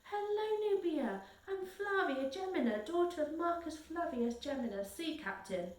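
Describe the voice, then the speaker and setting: A woman voicing an eager, excited young girl in a storybook reading. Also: very high-pitched, slow, voice pushed up, exaggerated voice. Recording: roomy, a little distant from the mic.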